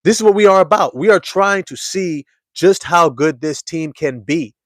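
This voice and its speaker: A man riffs to his live chat on a basketball fan show. His voice sits a little high, and he swings from loud hype down to a low murmur, leaning on slang and repeated lines. The sound is dry and close. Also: animated, normal speed, no echo. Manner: slangy, repeats phrases for emphasis. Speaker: sports show host.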